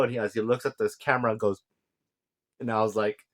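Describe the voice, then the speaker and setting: A man talking through a show episode in a loose, rambling way, stopping often to correct himself and filling gaps with ums and uhs. He drops into quick bits of the characters' lines as he goes. His voice sits at an ordinary middle pitch for a man. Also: darkish tone. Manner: rambling, full of fillers and self-corrections, acts out lines in quick asides. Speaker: show reviewer. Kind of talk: casual spoken recap and review.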